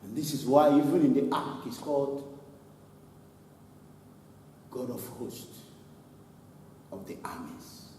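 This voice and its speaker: A man preaching a sermon as pastor, animated, laughing and imitating people as he goes. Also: medium pitch, slow pace, pauses often. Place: church hall. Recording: echoey hall from far off.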